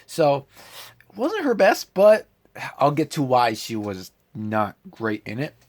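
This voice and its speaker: A man giving a casual vlog movie review, ranting with animated exasperation. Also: mid-range voice, slow pace.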